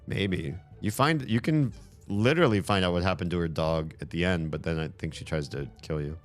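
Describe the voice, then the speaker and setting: Low-voiced guy doing a let's play, kinda hoarse, rambly and sweary. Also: brisk, soft background music. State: losing his voice. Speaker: gameplay commentator. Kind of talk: casual let's-play commentary.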